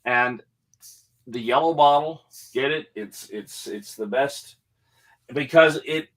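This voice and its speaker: A man's voice: medium pitch, slow, fairly bright tone, poor audio. A man chatting as a guest on a whisky show, rambling and joking through asides. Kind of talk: casual chat.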